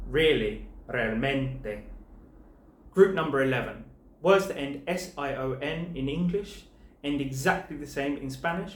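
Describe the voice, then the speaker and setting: A man teaching a language lesson, spelling out word endings letter by letter and pairing each word with its translation in a clear, measured way. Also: mid-range voice, roomy sound. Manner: clear, slow spelling-out of letters and paired words. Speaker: Spanish teacher.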